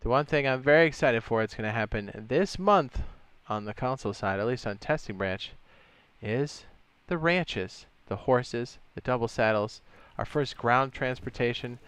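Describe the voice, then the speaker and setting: A young man casually chatting on a gaming live stream, excitable and chatty, tossing in playful sound effects. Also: medium pitch, normal speed, smooth, no echo.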